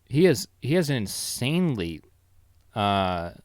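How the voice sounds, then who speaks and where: A man's voice: medium pitch, sing-song, unhurried, no echo. A man hosting his own solo podcast from his basement, rambling, mocking himself and swearing freely. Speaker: solo podcast host and YouTuber. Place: home basement.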